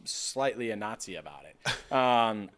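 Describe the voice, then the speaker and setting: A young man from North Carolina, co-hosting a podcast in casual chat, emphatic and passionate and quick to swear. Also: on the low side, lively intonation, a bit bright. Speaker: podcast co-host.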